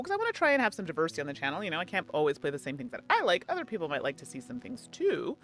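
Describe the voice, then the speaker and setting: A woman's voice: on the high side, wildly swooping pitch, very fast, few pauses, faint music behind. Giggly, chatty woman streamer. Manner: chatty, giggly, talks to chat. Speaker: streamer host. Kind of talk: live gameplay commentary.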